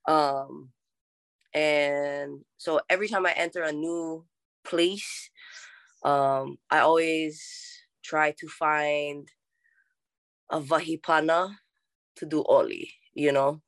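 A woman's voice: deep voice, fairly even intonation, takes it slowly, long pauses, no echo. A young adult woman from Oahu with a Hawaiian accent, chatting as a podcast guest, laughing often and mixing Hawaiian words into her talk. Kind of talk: casual conversational interview.

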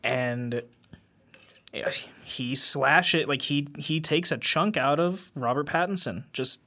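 A man's voice: fairly high pitch, takes it slowly, sharp tone. A man co-hosting a podcast, recapping a film's plot in casual review chat with plenty of fillers. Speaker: podcast co-host.

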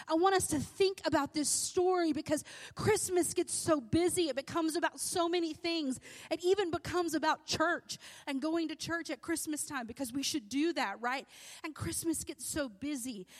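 A woman with a fairly high voice delivers a sermon, reading scripture and then preaching on it with emphatic, repeated phrases. Her voice rings out with a long reverb, as if recorded in a large hall.

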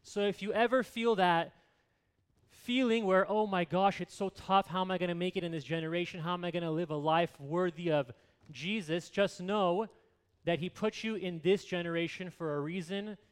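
High, smooth-voiced man preaching. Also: steady tone, normal speed. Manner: earnest, conversational preaching with emphatic repetition. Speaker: pastor. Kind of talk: sermon.

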